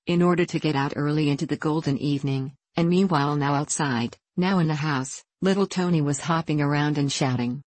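A woman narrating a story in a calm, measured audiobook reading. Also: low voice, no room sound.

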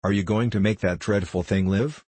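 Man reading a female glass cat, vain, scornful, storybook, low husky voice. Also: fairly even intonation, normal speed, darkish tone, no echo. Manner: haughty and scornful.

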